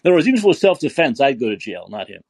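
A man's voice: medium pitch, big pitch swings, very fast, a little mellow, husky, no echo. A man from New York hosting a call-in podcast, ranting and profane, often repeating himself as he restarts sentences. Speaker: podcast host. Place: San Francisco.

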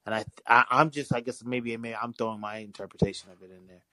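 A young man calling in to a podcast, talking casually in a rambling way, with frequent restarts and animated storytelling. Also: mid-range voice, fast talker, no room sound, low-quality recording. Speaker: caller. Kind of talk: casual call-in chat.

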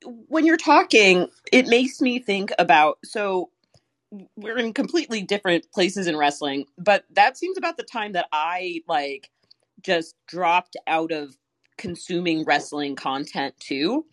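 A woman hosting a podcast interview. She talks in a soft, affirming way with hesitant fillers. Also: on the low side, animated, measured pace. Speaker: podcast host. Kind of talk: conversational interview.

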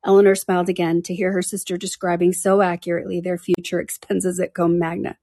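A woman reading a classic novel aloud in steady, plain narration. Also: on the low side, quick pace, dry recording, studio quality. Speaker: audiobook reader.

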